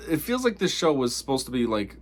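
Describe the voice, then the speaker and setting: A man's voice: mid-range voice, sing-song, fast talker. A man giving a casual spoken review of a TV episode, rambling and exasperated, with lots of fillers.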